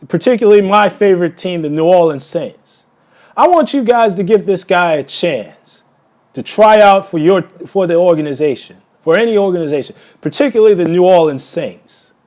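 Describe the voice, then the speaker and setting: Man, vlogger, high-pitched, angry emotional rant, repetitive, stumbling restarts. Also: a little mellow. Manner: angry, insulting, repeats words. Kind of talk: heated solo video rant.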